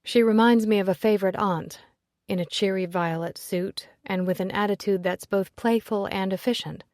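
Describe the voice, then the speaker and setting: A woman with a lowish voice narrating a first-person romance audiobook. Her storytelling is expressive and heartfelt. The recording is close and very dry. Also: normal speed, no room sound.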